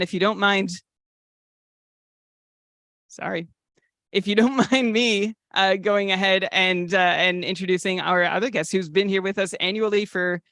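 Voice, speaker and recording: A man's voice: high voice, a bit bright, dry recording, studio quality. A man co-hosting a podcast, talking in a nervous, rambling way with lots of fillers. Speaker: podcast co-host. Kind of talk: casual podcast chat.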